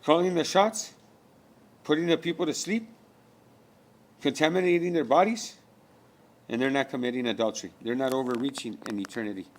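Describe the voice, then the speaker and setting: Male, mid-pitched, rambling preachy rant, swears freely, keeps firing rhetorical questions. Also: fairly quick, long pauses. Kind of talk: rambling spiritual monologue.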